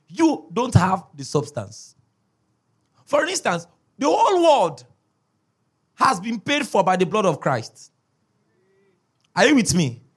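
A man's voice: high-pitched, a bit bright, husky. A man preaching a sermon as a pastor, emphatic, repeating key words and checking in with his listeners.

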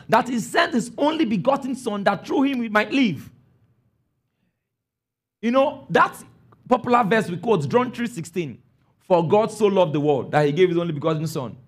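A man preaching a sermon, emphatic, stopping often to ask his listeners if they follow and sometimes rising to a shout. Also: high voice. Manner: emphatic, calls for congregation responses; rises to shouts on key phrases.

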